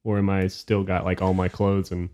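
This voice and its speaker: A man's voice: deep voice, flat delivery, normal speed, darkish tone. A man playing a tabletop game, talking hesitantly with many fillers and reading out spell rules. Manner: hesitant, filler-heavy, reads rules aloud. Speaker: player. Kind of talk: casual tabletop game chat.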